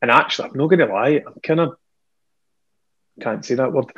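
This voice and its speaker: A man's voice: mid-range voice, steady tone, normal speed, long pauses, background noise. Chatty Scottish man on a dull call line. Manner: chatty, self-deprecating, laughs often. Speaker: singer and guest. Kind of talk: casual chat over a remote call. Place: at home indoors. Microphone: earphone headset on a video call.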